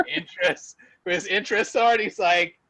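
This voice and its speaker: A man co-hosting a podcast in casual chat, excitable, laughing often and swearing casually. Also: high voice, fairly quick, creaky, a crowd in the background, low-quality recording. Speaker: podcast co-host.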